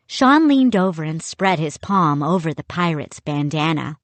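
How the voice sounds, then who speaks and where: A woman reading a children's chapter book aloud, in a slow, measured way. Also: deep voice, expressive, dry recording. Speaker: reader. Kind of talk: audiobook narration.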